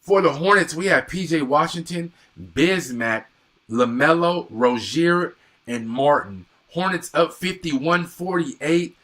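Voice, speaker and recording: Young guy doing live play by play on a stream, kinda high voice, hypes up big plays. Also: takes it slowly. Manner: excitable, repeats exclamations, reads out viewer comments. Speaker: live stream sports commentator. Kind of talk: live game commentary and reaction.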